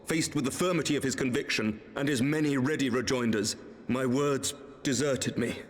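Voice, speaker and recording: A man's voice: mid-range voice, moderate pace, natural voice. A man voicing a solemn young knight commander. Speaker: game character voice. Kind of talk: video game voice acting. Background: game music.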